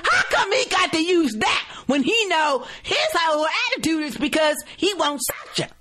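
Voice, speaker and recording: A woman's voice: very high voice, expressive, moderate pace, bright, forceful tone. A woman co-hosting a podcast in a casual chat, reacting emphatically and often laughing. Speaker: podcast co-host.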